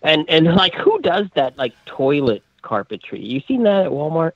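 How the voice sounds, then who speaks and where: A man's voice: a little high, very animated, moderate pace, vocal fry, no echo, lo-fi sound. A man as a guest on a live stream, joking and rambling in casual chat.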